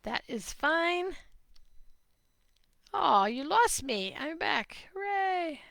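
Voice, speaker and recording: A middle-aged woman from New Jersey, answering viewer questions on a live stream in an animated, opinionated, emphatic way. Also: extremely high pitch, drawn-out words, vocal fry, dry recording. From New Jersey, USA.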